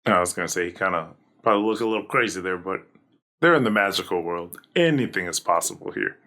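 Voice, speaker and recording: A man with a gravelly, fry-edged voice sitting a little low in pitch. He comments in a loose, jokey way, laughing often as he reacts. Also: expressive, quick pace, bright, forceful tone. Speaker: reaction video host.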